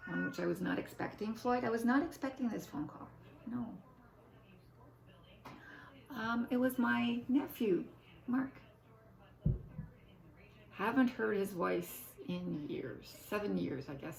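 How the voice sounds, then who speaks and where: Speaking a little slowly with lively intonation, this older woman has a medium-pitched, creaky voice. She's a vlogger rambling casually and wandering off into forgetful remarks to herself. An echoey room colors the sound.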